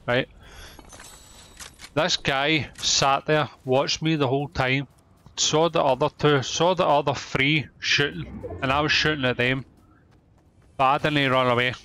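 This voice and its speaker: A man's voice: medium pitch, bright, forceful tone, a little hiss or hum. A man giving angry, swearing commentary while playing a shooter game. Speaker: gamer. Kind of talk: gameplay commentary.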